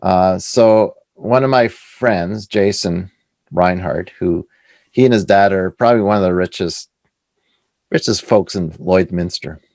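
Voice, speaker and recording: A middle-aged Canadian man, an author being interviewed, telling animated anecdotes and acting out what other people said. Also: low voice, unhurried, creaky, no room sound. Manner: animated anecdotes with quoted voices. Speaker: author and guest. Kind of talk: casual storytelling interview.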